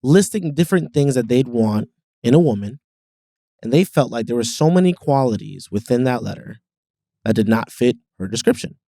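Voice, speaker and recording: A man sharing a story in casual podcast chat before asking the others what they think. His voice is mellow and warm. The sound is close and dry. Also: mid-range voice, lively intonation, normal speed, no echo. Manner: storytelling, asks the group questions.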